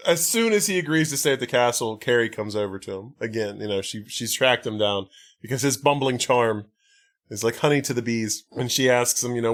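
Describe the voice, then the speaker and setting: A man's voice: mid-range voice, a little fast. A man hosting a podcast, casually retelling a film's plot with many restarts and filler words. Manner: rambling recap, many likes and restarts. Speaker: podcast host. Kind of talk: casual movie recap chat.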